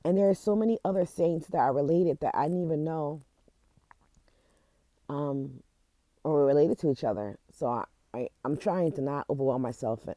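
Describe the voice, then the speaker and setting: A woman in a casual vlog, retelling a story in an emotional, halting way, close to tears, with many restarts. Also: sits low, mellow, no echo. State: teary, close to crying. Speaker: vlogger. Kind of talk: casual chat.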